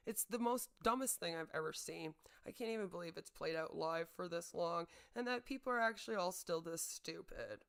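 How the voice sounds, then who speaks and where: A woman's voice: lowish voice, moderate pace, creaky, few pauses, a bit bright, clear, resonant tone. A woman streamer delivering a heated, sarcastic rant to her audience, repeating her points for emphasis. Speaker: streamer and channel host. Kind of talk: livestream rant.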